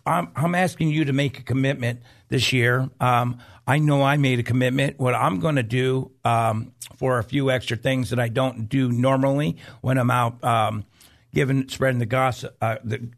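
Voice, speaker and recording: A man with a gravelly, fry-laden voice at a middle pitch. He co-hosts a Christian talk program and speaks casually, half preaching, with frequent restarts and "you know"s. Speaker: co-host of a Christian talk show.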